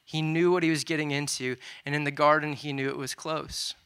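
A man's voice: a little high, little pitch movement, a little fast, a bit bright, smooth. A man preaching a sermon, retelling scripture in a loose, conversational way with casual asides.

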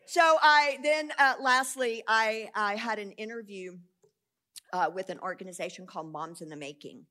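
A middle-aged woman, telling a lively testimony to an audience in a storytelling sermon style and acting out the quoted voices. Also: a little high, moderate pace.

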